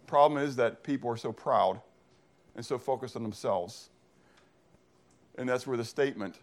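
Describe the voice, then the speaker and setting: A male pastor delivers a sermon at a middle pitch, with emphatic phrasing. He often throws a question to the listeners and then answers it himself. His delivery swings between driving points hard and dropping low and quiet. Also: moderate pace, pauses often. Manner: emphatic, uses call-and-response questions.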